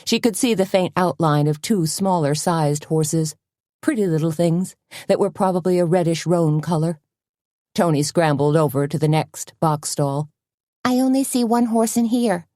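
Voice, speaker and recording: Casting: woman audiobook narrator, deep and warm, steady measured delivery. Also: dry recording, clean studio sound. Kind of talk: scripted narration.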